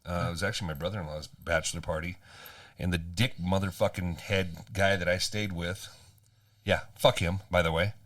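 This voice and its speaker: A man co-hosting a podcast, telling a profane story in animated casual chat. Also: low-pitched, normal speed, no room sound, clean studio sound, recorded from a distance. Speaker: podcast co-host.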